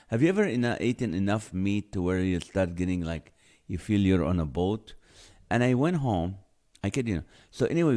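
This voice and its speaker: A middle-aged man with a fairly low voice hosts a casual live stream. He greets viewers one by one and tells stories in an animated, chatty way. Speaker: host.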